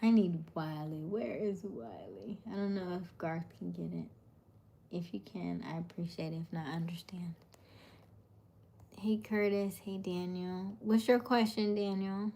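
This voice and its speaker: A woman in her thirties hosting a casual livestream, reading viewer comments in a soothing voice and often dropping to a soft murmur. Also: lowish voice, a little slow, creaky. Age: 30s. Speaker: livestream host.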